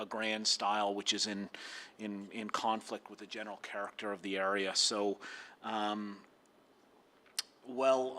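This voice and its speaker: Hesitant bright-voiced man at a council meeting. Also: lowish voice. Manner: halting, measured, many fillers and restarts. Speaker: committee member.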